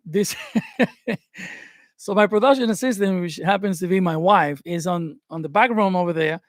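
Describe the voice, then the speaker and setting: A man with a young family giving casual, animated YouTube advice during a live stream from his home studio. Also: high voice, a little slow, long pauses, no echo. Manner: animated, conversational, laughs often. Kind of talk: live-stream tutorial talk.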